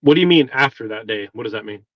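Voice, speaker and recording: A man's voice: mid-range voice, expressive, fast, dry recording, muffled recording. A man talking in a hesitant, thoughtful way in casual podcast chat, often restarting his sentences.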